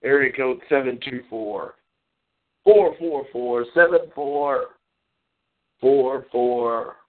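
A man's voice: mid-range voice, slow pace. A man hosting a call-in show, delivering a brash, boastful and profane monologue. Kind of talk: solo call-in radio monologue. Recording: phone-like lo-fi call-in audio.

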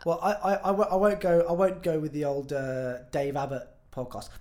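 A man's voice: on the high side, flat delivery, darkish tone. A man, a guest musician on a podcast, chatting casually and telling stories full of asides and self-corrections. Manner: rambling storyteller, quick asides and self-corrections.

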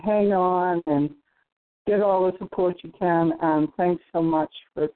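A woman on a call-in show who speaks earnestly and thoughtfully, pausing often and using many fillers. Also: lowish voice, steady tone. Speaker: call participant. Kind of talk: casual call-in chat. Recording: phone-line audio.

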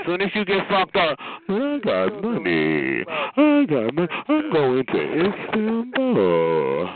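A man hosting a voice chat, flamboyantly mocking and roasting someone, calling him honey and child. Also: mid-range voice. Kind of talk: trash-talking roast in a voice chat. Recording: tinny phone-like audio with crowd chatter.

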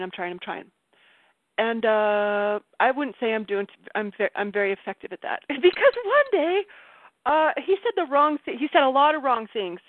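A woman candidly telling a personal story on a group call, animated and laughing, often breaking off mid-sentence. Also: fairly high pitch, no room sound. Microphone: video call. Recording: tinny phone-like call audio.

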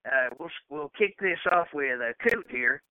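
A man's voice: a little high, lively intonation, normal speed, smooth, no echo, phone-quality sound. Joking man hosting a podcast game. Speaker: podcast host. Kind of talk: casual chat, game-show hosting.

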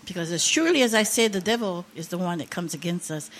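A woman's voice: lowish voice, animated, quick pace, fairly bright tone. Impassioned older woman preaching. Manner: impassioned, emotional testimony with rising emphasis. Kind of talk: sermon.

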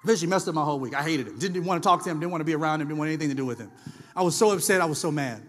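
A man preaching in a chatty, storytelling way, slipping into little voices for the people in his stories. His voice sits high, and a long hall reverb trails every phrase. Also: rapid-fire. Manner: conversational, animated storytelling with voiced asides. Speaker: pastor. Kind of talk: sermon.

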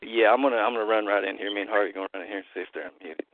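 A man's voice: lowish voice, fairly even intonation, racing, no room sound. A man phoning into a community call, talking loosely and agreeably in slangy casual speech. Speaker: caller running his own call. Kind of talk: casual phone chat. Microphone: phone. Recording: thin phone line.

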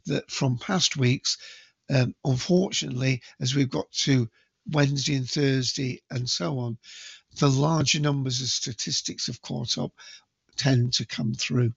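A man's voice: mid-range voice, fairly even intonation, measured pace, vocal fry, slightly rough, no echo, lo-fi sound. A man hosting a podcast, reading news items aloud and commenting in a casual, hesitant way with frequent ums and restarts.

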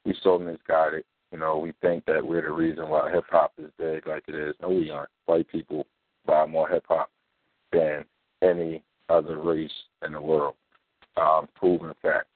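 A man hosting a talk radio show, with a steady, laid-back delivery, often pausing on "um" and clearing his throat. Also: rumbling low, dry recording. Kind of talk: casual talk radio commentary. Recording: dry, tinny phone line.

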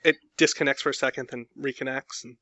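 A man narrating as game master in a tabletop game over an online call, pausing often to search for words. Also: mid-range voice, fairly even intonation, sharp tone, no echo. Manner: halting, filler-heavy. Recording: dull, dry online call audio.

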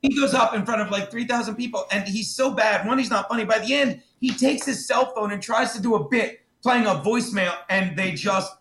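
A comedian on a podcast tells his story with a high, lively voice and a lot of swearing. He keeps slipping into other people's voices to act them out. The studio has a roomy echo. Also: a little fast, few pauses. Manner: profane, animated, mimics others in quotes. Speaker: guest comedian.

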